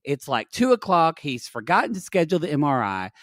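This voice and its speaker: A man co-hosting a podcast, telling a long story in casual chat, animated and profane, recorded on a dry, close mic. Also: a little high, a little fast, dry recording. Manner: animated, profane storytelling with dramatic quoted outbursts. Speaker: podcast co-host.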